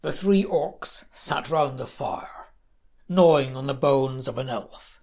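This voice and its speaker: A woman reading her own short fantasy story aloud in a lively, animated way. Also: very deep voice, slow pace, creaky, husky. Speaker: story contributor.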